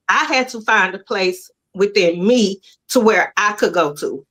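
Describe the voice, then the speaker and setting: A woman's voice: mid-range voice, unhurried, few pauses, fairly bright tone. A woman co-hosting a radio talk show, speaking emotionally and emphatically and turning straight to the listeners. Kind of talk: casual talk show discussion.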